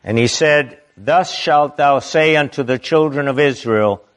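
Guy reading bible verses slow and deliberate, breaks in to preach, mid-pitched voice. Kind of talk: Bible reading with sermon commentary.

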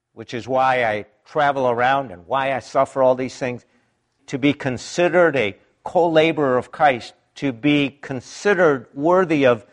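A man preaching a sermon in an emphatic, deliberate way, his pitch rising and dropping dramatically.

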